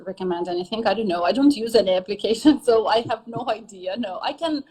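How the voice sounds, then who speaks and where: A woman English teacher in a casual interview, talking in an animated way and ending her points with a checking "yes?". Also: medium pitch, fast, breathy edge, poor audio. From native English speaker living in Turkey.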